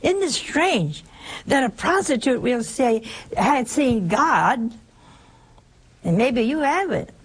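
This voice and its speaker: A woman's voice: fairly high pitch, big pitch swings, slow, pauses often, breathy edge. An older woman giving a conversational sermon, emphatic and full of rhetorical questions. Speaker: preacher.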